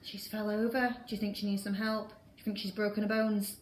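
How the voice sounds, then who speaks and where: Northern English woman, primary teacher, encouraging, patient, slows to model words, roomy room with faint noise. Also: mid-range voice, flat delivery. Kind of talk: guided reading with a child. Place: classroom.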